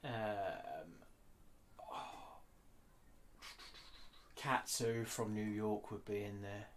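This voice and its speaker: A man talking candidly in an interview, blunt and animated, swearing freely. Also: fairly low pitch, drawn-out words, a little hiss or hum. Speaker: guest artist.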